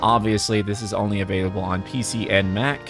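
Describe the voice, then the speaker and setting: A man streaming a game, chatting casually with relaxed, joking asides to his viewers. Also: fairly low pitch, brisk, music in the background.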